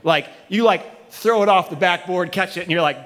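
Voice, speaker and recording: High-voiced, joking preacher telling a story. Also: male voice, fairly quick, hardly any pauses, a bit bright, big-room sound. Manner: casual, joking, self-deprecating storyteller; acts out his own past reactions. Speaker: pastor. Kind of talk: sermon with a personal story. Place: church auditorium with a live congregation.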